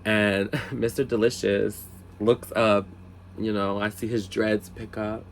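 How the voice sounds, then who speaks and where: A man telling a casual storytime vlog from his bed, animated, jumping high for quoted lines and exclamations, then dropping into quiet asides, a little tipsy. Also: slow, a little hiss or hum. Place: bedroom, sitting on the bed.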